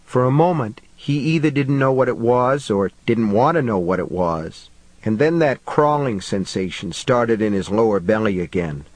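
Man, audiobook narrator, measured steady delivery, mid pitch, dry close recording. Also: no echo, poor audio. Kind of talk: scripted narration.

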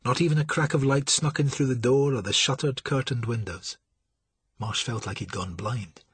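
A man reads an audiobook with steady, dramatic storytelling. His voice is husky yet bright. The recording is close and dry. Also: mid-range voice, normal speed, dry recording. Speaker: narrator. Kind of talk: audiobook narration.

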